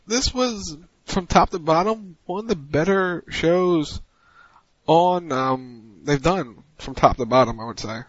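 A man's voice: a little high, animated, a little slow, slightly rough, no echo, dull audio. A man hosting a casual wrestling talk show over internet radio, loose and joking, often repeating himself. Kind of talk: casual chat.

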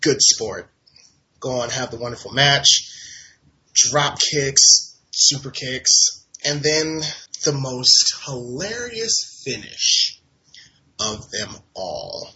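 A man co-hosting a wrestling podcast, recapping matches in animated casual chat. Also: mid-range voice, slow pace. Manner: animated, laughing, does mock voices in quotes. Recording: dull lo-fi audio.

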